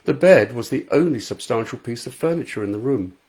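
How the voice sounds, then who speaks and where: A man's voice: medium pitch, expressive, brisk, a little mellow, slightly rough. A male author reading his own novel aloud in a live stream from his front room, chatting and laughing easily between passages.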